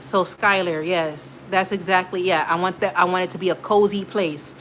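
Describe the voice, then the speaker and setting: Hosting a casual stream, a young woman reads her live chat and talks right to her viewers, rambling with frequent fillers. Her voice is fairly low and fairly bright, with fairly even intonation at a moderate pace, and a little hiss or hum is audible.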